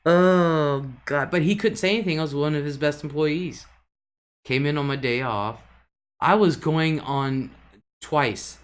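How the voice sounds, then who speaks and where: A woman's voice: deep voice, a little slow. A woman hosting a live stream, telling a rambling story in casual chat and chuckling along the way. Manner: rambling, chuckling anecdote-teller.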